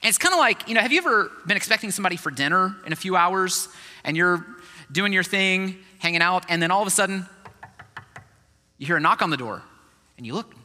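A man preaching a sermon as a pastor, in a conversational, animated way. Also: sits high, a little fast, big-room sound.

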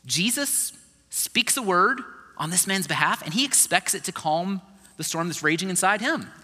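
A man preaching a sermon as a pastor, in a conversational, animated way. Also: sits high, moderate pace, long reverb tail.

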